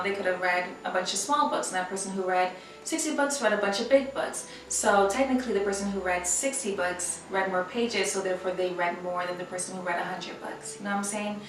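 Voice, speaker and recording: A woman's voice: medium pitch, a bit bright, recorded from a distance. Chatty woman in an echoey room. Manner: chatty, rambling with fillers and self-corrections. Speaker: book vlogger. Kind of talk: casual chat. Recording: roomy echo, from the mic, faint music.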